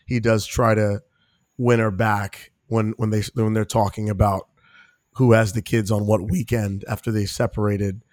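A man's voice: lowish voice, flat delivery, normal speed, a little mellow, no room sound, studio quality. A man co-hosting a film podcast, talking casually and rambling with lots of fillers. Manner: rambling with many "you know" fillers. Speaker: podcast co-host.

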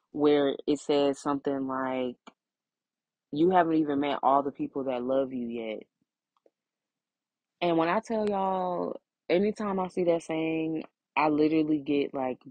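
A low-pitched woman talks alone into her podcast mic, emotional and close to tears. She speaks with heartfelt emphasis and circles back over her own phrases. The sound is dry, with no room around it, and slightly muffled and lo-fi. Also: a little mellow, dry recording. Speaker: podcast host. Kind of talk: solo podcast monologue.

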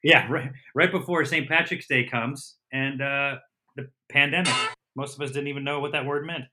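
A man's voice: mid-range voice, background noise. A middle-aged man, a comedian and TV host, telling a casual, rambling story as a podcast guest and correcting himself as he goes. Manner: lively, rambling storyteller with quick self-corrections.

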